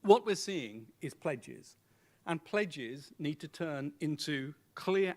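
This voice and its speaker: A middle-aged man giving a formal, measured speech at a conference, setting out his points one by one with deliberate emphasis. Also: on the high side, animated.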